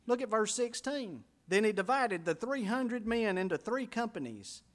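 A man preaching a sermon as pastor, folksy and storytelling, dropping quiet for emphasis. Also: sits high.

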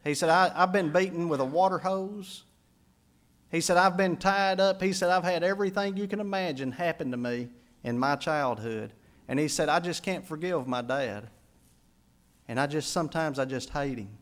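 A man, a pastor preaching a sermon, telling a story and building to emphatic peaks before dropping soft. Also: on the high side, moderate pace.

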